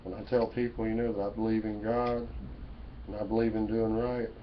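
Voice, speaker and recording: A man with a fairly low voice rambles through a preachy, folksy monologue to his webcam. The audio is dull and lo-fi, with faint room noise behind him. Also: flat delivery, brisk. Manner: folksy, preachy, repeats "you know" and "man". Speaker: vlogger. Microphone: webcam mic.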